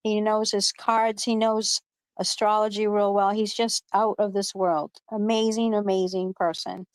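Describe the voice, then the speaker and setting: A woman's voice: medium pitch, flat delivery, measured pace, no echo. A woman hosting a live online panel in casual chat, rambling and emphatic, swearing freely. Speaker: panel host. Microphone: video call.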